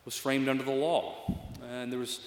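A man's voice: medium pitch, little pitch movement, moderate pace, roomy sound, in a large hall. A male pastor giving a reflective, conversational sermon with frequent fillers.

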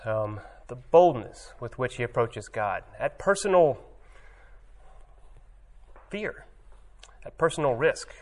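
A male preacher reads a scripture passage in a firm, emphatic voice. He then moves into relaxed, searching commentary full of small hesitations. His pitch sits in an ordinary middle range. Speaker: pastor.

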